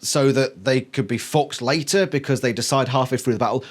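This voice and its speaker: A man's voice: mid-range voice, fairly quick, hardly any pauses. A man reviewing a book on camera, exasperated and swearing constantly, mocking the characters by acting out their lines. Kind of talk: ranting video review.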